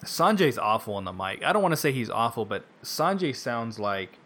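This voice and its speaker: In relaxed talk about wrestling, a man spins an animated tale, quickly imitating the people in it. The recording carries a low, faint rumble in the background.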